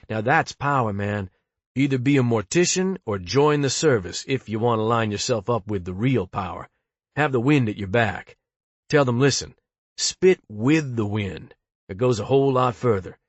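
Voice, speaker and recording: A man reading an audiobook, delivering monologues in a conversational, deadpan and wry manner. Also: mid-range voice, dry recording, highs cut off. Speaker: audiobook narrator.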